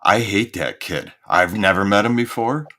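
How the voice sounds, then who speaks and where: A man's voice: fairly low pitch, expressive, moderate pace, bright, forceful tone. A man in casual chat, rambling and hesitant.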